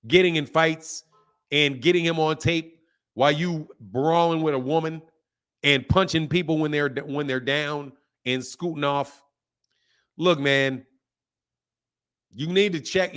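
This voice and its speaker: High-voiced man on a heated profane rant. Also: a bit bright, clear, resonant tone. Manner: heated, profane, hammering repetition; reads viewer comments aloud. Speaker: boxing channel host. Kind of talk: ranting boxing commentary to viewers.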